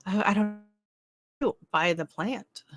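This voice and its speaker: Speaking extremely slowly in a medium-pitched voice, a middle-aged woman from Canada reads out comments on her livestream channel. Her casual chat rambles, full of fillers and restarts.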